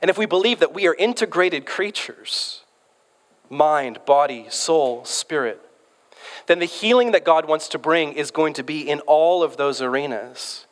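Thirties male preacher, casual storyteller, echoing in a big hall. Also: a little high. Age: 30s. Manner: conversational storytelling with frequent restarts. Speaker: pastor. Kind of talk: sermon. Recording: long hall reverb.

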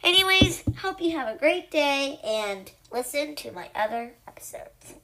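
A woman hosts her own podcast and reads her own short story aloud in a chatty, unhurried way, dropping in fillers as she goes. Her voice is high and moves through a wide, lively range. She speaks slowly and takes her time with each line. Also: rough recording.

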